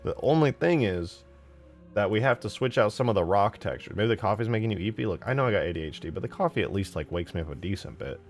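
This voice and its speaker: A man's voice: on the low side, lively intonation, quick pace, soft background music. A young man casually streaming while modding a game map, rambling and swearing in slangy talk.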